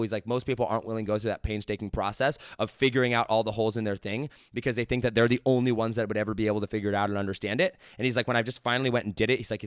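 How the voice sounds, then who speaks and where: An animated young man hosting a podcast, talking in quick bursts and acting out the people in his stories. His voice is smooth and resonant, recorded close and dry with no room sound. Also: lowish voice, no echo. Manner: energetic, animated storytelling with quoted dialogue. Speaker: podcast host. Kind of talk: casual interview chat.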